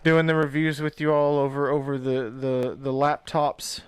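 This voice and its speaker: A man's voice: medium pitch, little pitch movement, moderate pace, clean tone, no room sound, clean studio sound. A young man co-hosting a movie review podcast, joking crudely and getting hyped up in casual banter. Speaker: podcast co-host.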